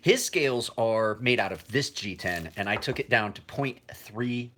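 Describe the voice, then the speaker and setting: A man's voice: fairly low pitch, moderate pace, fairly bright tone, a little hiss or hum. Rambling, profane man in his forties. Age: 40s. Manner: rambling and profane, with frequent restarts. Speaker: knife maker. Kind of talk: casual livestream chat.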